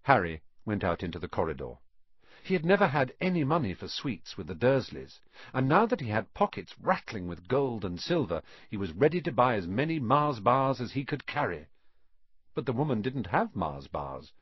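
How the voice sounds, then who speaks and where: A man narrating a storybook audiobook with an expressive, animated reading. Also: mid-range voice, moderate pace, breathy edge, no room sound, lo-fi sound.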